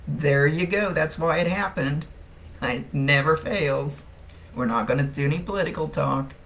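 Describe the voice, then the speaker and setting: A woman's voice: sits low, normal speed, a bit bright. A woman giving a casual live-streamed psychic reading. She chats freely, laughs often and gets teary along the way. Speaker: psychic medium.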